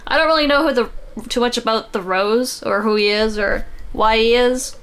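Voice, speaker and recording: Higher-voiced woman thinking aloud about comics. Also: brisk, fairly bright tone, clear, resonant tone. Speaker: podcast guest. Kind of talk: casual comic book discussion.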